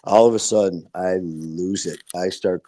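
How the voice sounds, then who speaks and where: A middle-aged man from Detroit with a fairly low voice speaks as a podcast guest. He tells his story bluntly and emphatically, with plenty of profanity. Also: unhurried, dark tone, dry recording. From Detroit, USA. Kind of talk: candid podcast conversation.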